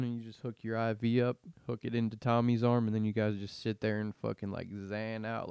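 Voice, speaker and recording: A man's voice: lowish voice, little pitch movement, a little fast, vocal fry, a little mellow, smooth, dry recording, studio quality. A man in his twenties hosts a podcast, rambling through a casual rant full of slang and swearing. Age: 20s. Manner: profane, slangy, meandering rant. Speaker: podcast host.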